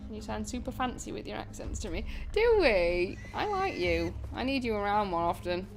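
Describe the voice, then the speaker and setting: A woman from England with a northern English accent, chatting casually with viewers while playing a game, rambling and quick to laugh. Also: medium pitch, very animated, vocal fry, faint music behind. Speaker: gaming streamer.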